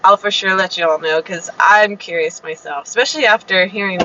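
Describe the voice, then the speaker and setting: A woman's voice: mid-range voice, a little fast. A young Chicana woman, chatting casually on a live stream, telling a story with lots of fillers and quoted dialogue. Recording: slightly dull lo-fi sound with faint background noise.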